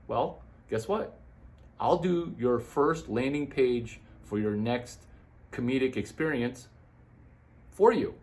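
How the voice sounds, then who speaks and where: Jumpy fast-talking man giving tips. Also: animated. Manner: jumpy, with sudden pitch leaps and rapid asides. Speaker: comedian giving business advice.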